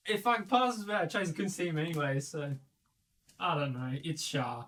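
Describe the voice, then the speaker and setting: Higher-voiced man playing a tabletop game. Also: lively intonation, fairly quick, fairly bright tone. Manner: swears, jokey. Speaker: player. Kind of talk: casual chat at a game table.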